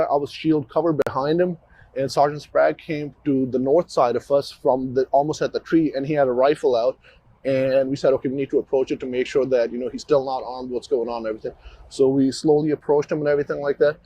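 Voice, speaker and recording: A man, a police officer, giving a halting recorded account full of restarts. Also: fairly high pitch, dark tone, poor audio. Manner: halting, with frequent restarts and fillers.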